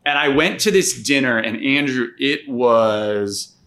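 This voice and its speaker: A man's voice: medium pitch, a little slow. A man in his thirties telling stories in a casual conversation, acting out what others said. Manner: animated storyteller, acts out quoted voices. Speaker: former campaign manager.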